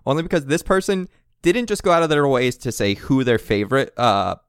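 A man hosts a casual podcast chat in a smooth, resonant voice that moves around a lot in pitch. He sounds wry and joking as he reads listener messages aloud. The sound is dry and close, with no room echo. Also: very animated, fairly quick. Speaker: podcast co-host.

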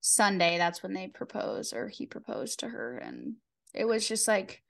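A woman's voice: medium pitch, very animated, unhurried, gravelly. Chatty young woman saying "like" constantly. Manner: chatty, filler-heavy, lots of "like", swears casually. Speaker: podcast co-host. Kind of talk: casual chat.

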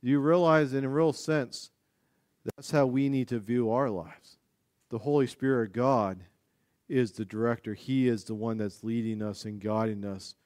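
A male pastor preaching a sermon, moving from calm teaching into animated, demonstrative storytelling. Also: mid-range voice, measured pace, dry recording, clean studio sound.

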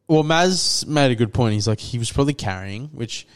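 Speaking expressively at medium pitch and normal speed, a young man chats casually on his podcast, telling a meandering story packed with "like," false starts, and quotes he acts out.

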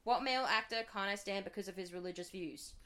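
A woman's voice: mid-range voice, quick pace, sharp tone. A woman hosting a podcast from bed at home, chatting casually with lots of giggling, swearing and playful teasing. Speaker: podcast host. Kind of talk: casual chat quiz.

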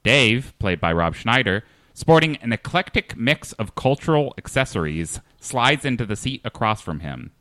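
A male podcast host reading stage directions in a lively, upbeat way for a comedic script read-through. His voice is bright and animated, and it is recorded dry and close. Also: medium pitch, moderate pace, few pauses, no echo.

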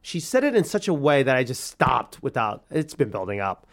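A man in his thirties telling a personal story, animated and acting out the people he quotes. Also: mid-range voice, normal speed. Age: 30s. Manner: animated, acts out quoted voices. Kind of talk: personal story told to a radio audience.

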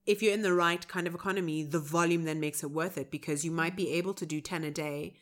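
A woman's voice: on the low side, fairly even intonation, fast. A woman co-hosting a podcast in casual chat, teasing and playful. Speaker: podcast co-host.

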